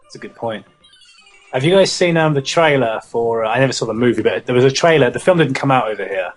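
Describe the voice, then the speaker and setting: A man's voice: medium pitch, lively intonation, fast, soft background music. Irreverent British man chatting. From Britain. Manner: irreverent, rambling storyteller. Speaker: let's play co-host. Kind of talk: casual podcast chat.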